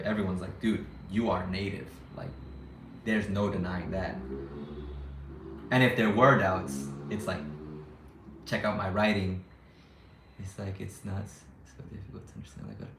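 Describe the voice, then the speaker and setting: A man who teaches English, chatting casually on a livestream, saying words clearly with occasional fast bursts. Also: fairly low pitch, fairly bright tone, echoey room, a little hiss or hum.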